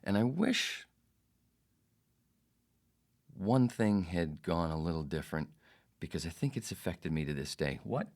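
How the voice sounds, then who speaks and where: Deep-voiced man, podcast host, swears a lot, rambles through a funny story. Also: animated, normal speed, a little mellow. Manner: profane, rambling, jokey. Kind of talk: casual storytelling monologue.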